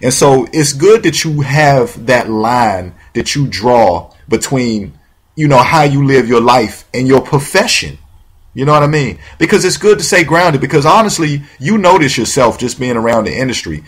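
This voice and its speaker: A male talk show host with a husky, slightly raspy voice. He rambles in a loose, friendly way, restarting and repeating words, and laughs along with his guest. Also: medium pitch, expressive, normal speed. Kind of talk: casual interview chat.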